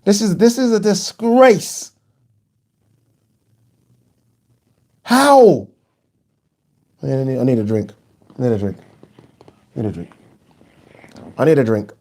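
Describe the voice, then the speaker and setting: A man hosting a casual live stream, chatting and reading viewer comments aloud in an animated way. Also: lowish voice. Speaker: boxing channel host.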